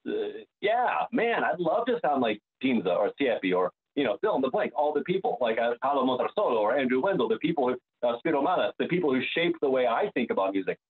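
Brief: American opera bass as interview guest, mid-pitched, searching and full of fillers, heard over a thin phone-like line. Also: male voice, big pitch swings, fast, hardly any pauses, breathy edge. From United States. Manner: searching, restarts sentences, many fillers. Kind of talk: reflective interview conversation.

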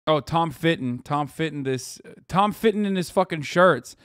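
A man's voice: on the high side, expressive, normal speed, a bit bright, no room sound. Sarcastic man hosting a livestream, dry sound. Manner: profane, sarcastic, rambling with restarts. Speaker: livestream host. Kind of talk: casual stream reaction commentary.

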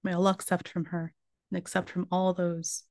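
A woman's voice: on the low side, little pitch movement, normal speed, darkish tone, dry recording. A woman giving a religious lecture, earnestly retelling a survivor's story in her own words.

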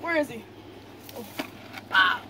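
A performer playing a frantic, hot-tempered young man obsessed with a phone game, yelling in shrill, whiny outbursts in an amateur comedy skit. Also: slow, crowd noise, lightly acted.

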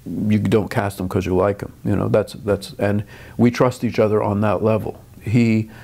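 A man's voice: on the low side, flat delivery, normal speed, gravelly, warm tone. An older man, a film director, talking thoughtfully in an interview with frequent restarts. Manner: thoughtful, restarts often, dry chuckles. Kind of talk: interview conversation.

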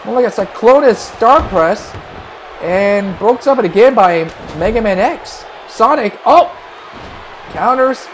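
A man calling wrestling play-by-play, excitable and breaking into shouts at big moves. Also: high-pitched, a little slow, a little hiss or hum, low-quality recording. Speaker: play-by-play commentator.

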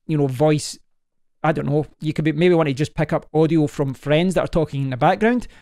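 A man's voice: on the high side, a little fast, a little mellow. A man hosting a casual tech tutorial, talking through a hands-on demonstration at his home desk, restarting sentences as he works the gear. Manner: talks while demonstrating gear, thinking aloud with restarts. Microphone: desk microphone, switching between mics.

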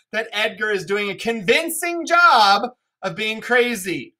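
A woman's voice: mid-range voice, lively intonation, moderate pace, pushed and bright. A woman teacher explaining a scene of a play in a casual, chatty way with jokey asides.

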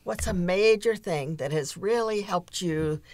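A woman's voice: fairly low pitch, unhurried. A woman hosting a podcast interview, affirming her guests as she asks them questions. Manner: warm and encouraging, affirming the guests. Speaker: podcast host. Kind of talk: interview conversation.

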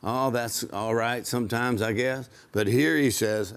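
A man preaching in a conversational way, emphatic, slowing down to quote scripture and laughing now and then. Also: medium pitch, steady tone.

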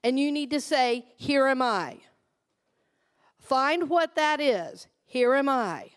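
A woman's voice: animated, takes it slowly, clean tone. A middle-aged woman minister giving a sermon, leading the congregation in call-and-response and telling personal stories in a conversational way. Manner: call-and-response, asks the congregation to repeat phrases; conversational storytelling, drops soft and low for personal anecdotes.

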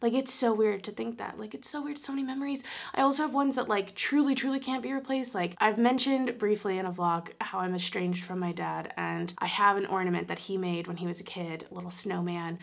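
A woman's voice: medium pitch, steady tone, fairly quick, vocal fry, few pauses. A young woman vlogger venting at home in a casual chat, close to tears and full of "like" fillers. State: tearful. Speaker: beauty vlogger. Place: at home, indoors.

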